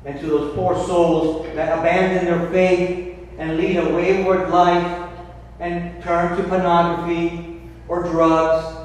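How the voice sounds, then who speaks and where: A Catholic priest with a high male voice delivers a homily, telling a fable with restarts and slowing down for emphasis on key points. He is recorded from a distance in a large church with a long reverb and faint room ambience.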